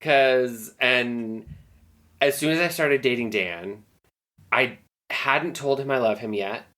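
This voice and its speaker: A woman's voice: very deep voice, slow, a bit bright. A young woman co-hosting a podcast, telling stories in casual chat, rambling and laughing often. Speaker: podcast co-host.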